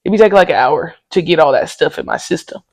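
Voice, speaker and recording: A woman's voice: sits low, lively intonation, fast talker, creaky, low-quality recording. A woman hosting a podcast, chatting candidly and casually to her listeners and sounding tired. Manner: candid, talks straight to listeners, often says y'all. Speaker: podcast host. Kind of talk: casual personal chat.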